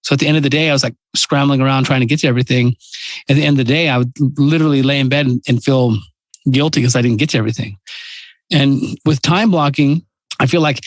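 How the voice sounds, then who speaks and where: A man's voice: medium pitch, fairly even intonation, quick pace, no room sound, poor audio. A man co-hosting a business podcast, talking earnestly in a casual way with frequent restarts and fillers.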